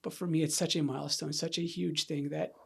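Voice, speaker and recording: A man's voice: on the high side, brisk, creaky, husky. A man in a podcast interview, openly telling a personal story and acting out what people said. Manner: candid, animated, acts out quoted voices. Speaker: podcast guest. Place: podcast studio.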